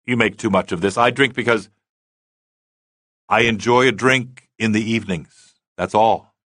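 A man's voice: fairly low pitch, unhurried, a bit bright, no echo, clean studio sound, pitched above the performer's own voice. A man playing a defensive aristocrat. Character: defensive middle-aged aristocrat man, drinks nightly.

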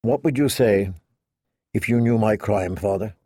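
A man's voice: fairly low pitch, a little slow, mellow, breathy edge, no echo, clean studio sound. A man voicing a grieving, anxious noblewoman with urgent questions, in an audiobook reading. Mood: troubled.

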